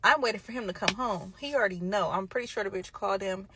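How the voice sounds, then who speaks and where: A young woman spills a messy personal story in a casual chat. She talks bluntly, curses freely, and sounds gossipy. Her pitch sits in the ordinary middle range. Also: quick pace, a bit bright, a little hiss or hum, poor audio.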